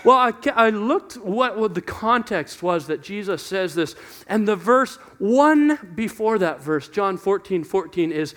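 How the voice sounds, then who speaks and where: A man's voice: sits high, expressive, unhurried, a bit bright. A young adult man preaching a conversational sermon, questioning himself aloud and acting out voices in quotes. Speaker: pastor.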